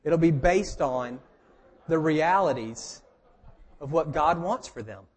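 Guy preaching, kinda high voice, chatty and jokey, gets fired up. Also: expressive, slow pace. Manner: conversational and joking, rising to emphatic. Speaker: pastor. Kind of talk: sermon.

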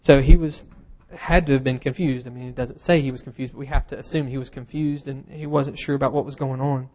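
A man preaching a sermon in a relaxed, conversational way, with wry humorous asides and plenty of fillers. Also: medium pitch, a little fast. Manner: casual and self-deprecating, with humorous asides and frequent fillers.

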